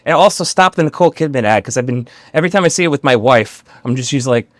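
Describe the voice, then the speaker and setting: A man's voice: medium pitch, expressive, quick pace, no echo, clean studio sound. A man co-hosting a podcast in casual chat, swearing freely and acting out quotes in funny voices. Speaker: podcast co-host.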